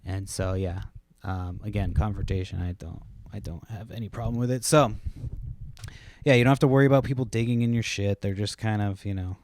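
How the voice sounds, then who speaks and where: A man with a fairly low voice rambles through stories on his podcast, casual and laid-back, swearing freely. The sound is dry and close, recorded at home. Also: a little fast, a little mellow, no echo. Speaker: podcast host.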